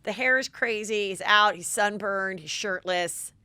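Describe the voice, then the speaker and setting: A middle-aged woman hosting a podcast, telling gossipy stories in a lively, chatty way. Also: mid-range voice, smooth, no echo. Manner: gossipy, animated, quick asides. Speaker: podcast host. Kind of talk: casual chat.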